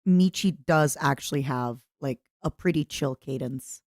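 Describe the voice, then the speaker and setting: A woman's voice: extremely low pitch, unhurried, a little mellow, no room sound, studio quality. A woman streamer chatting casually as she reacts to a video, rambling and plugging merch.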